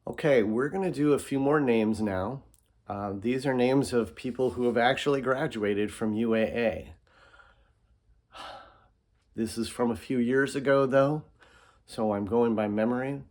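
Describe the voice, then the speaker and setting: A man teaching a pronunciation spelling method in a relaxed, explanatory way, with fillers and asides. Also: mid-range voice. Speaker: instructor. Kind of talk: casual screen-recorded lesson.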